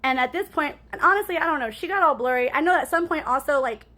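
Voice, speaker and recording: A woman's voice: sits high, animated, fast, sharp tone. A woman in a casual storytime monologue, rambling and cussing as she talks to her viewers and keeps asking "right?".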